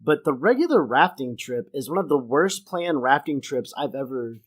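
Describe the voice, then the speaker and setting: A man co-hosting a podcast, chatting casually in a relaxed, joking way with slight hesitations. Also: mid-range voice, moderate pace, husky. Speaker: podcast co-host. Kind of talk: casual chat.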